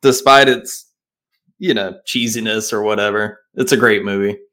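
A man's voice: on the low side, moderate pace, sharp tone. A man with a Southern accent, co-hosting a podcast in a laid-back, rambling casual chat. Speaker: podcast co-host.

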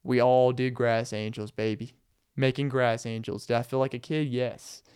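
A young man hosting a podcast, telling rambling, animated stories in a casual monologue and laughing often. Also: medium pitch, normal speed, smooth, no echo, clean studio sound. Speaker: podcast host.

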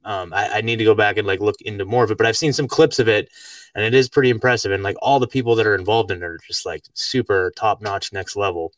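A man's voice: fairly low pitch, steady tone, fast talker, dry recording. A man hosting a podcast in casual conversation, rambling with lots of filler words and easy laughter. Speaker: podcast host. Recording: dry, distant from the mic.

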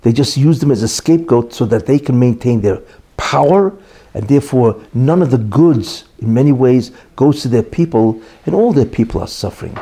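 A man's voice: medium pitch, lively intonation, normal speed, dark tone, breathy edge. A man giving an opinionated monologue as a commentator, emphatic and full of rhetorical questions and repeated "you know".

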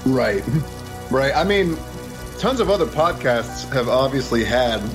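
A man's voice: medium pitch, expressive, a little slow, over music. A man as a guest on a podcast, chatting casually in a laid-back way. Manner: laid-back, laughs between phrases.

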